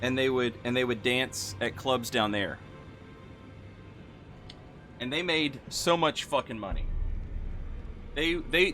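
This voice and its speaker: A man's voice: mid-range voice, bright, forceful tone. A man streaming a game and telling a rambling story in casual chat, full of fillers and restarts as he builds to a punchline. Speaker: Twitch streamer. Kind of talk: casual storytelling while gaming.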